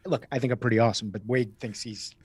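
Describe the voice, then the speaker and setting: A man's voice: mid-range voice, steady tone, very fast, breathy edge, no echo. A man from Miami with a slight East Coast accent, a guest telling stories in a casual interview, chatty and rambling with frequent restarts. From Miami, USA. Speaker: guest actor.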